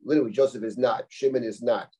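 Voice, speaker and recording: A middle-aged rabbi with a dark, low, husky voice teaches scripture in a live text-study lecture, speaking quickly with fairly even intonation. Conversational and explanatory, he reads Hebrew verses aloud, translates them line by line, and asks rhetorical questions.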